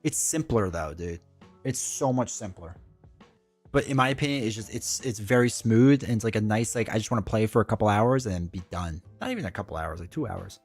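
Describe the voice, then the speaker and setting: A man's voice: lowish voice, expressive, fairly quick, darkish tone, breathy edge, no echo, faint music behind. A man streaming live, chatting casually and answering his chat in a rambling way.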